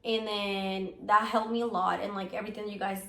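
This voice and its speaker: A woman co-hosting a podcast in casual chat, still sick with a hoarse voice, rambling with many fillers. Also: medium pitch, level tone, a little fast, a bit bright, echoey room. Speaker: podcast co-host.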